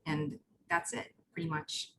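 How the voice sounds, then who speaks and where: A woman's voice: deep voice, little pitch movement, measured pace, sharp tone, slight background noise, low-quality recording. A woman panelist and Army veteran giving reflective advice, with many fillers. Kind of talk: panel discussion.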